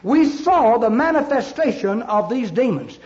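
Male preacher, very high voice, emphatic repetitive cadence, roomy dull lo-fi sound. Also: very animated, unhurried, darkish tone. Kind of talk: fiery revival sermon. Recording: echoey lo-fi church recording.

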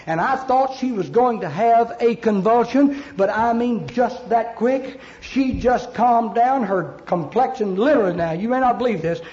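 A man's voice: extremely high pitch, moderate pace, hardly any pauses, a little mellow. A man preaching an emphatic revival sermon, telling a story with a repetitive, pleading cadence to his congregation. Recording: echoey lo-fi church recording.

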